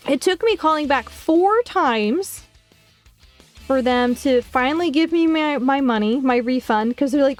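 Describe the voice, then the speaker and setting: High-voiced swearing woman streamer. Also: normal speed, no room sound, soft background music. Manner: swears a lot, animated storytelling with mocking voices. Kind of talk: casual chat while drawing on stream. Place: home streaming setup.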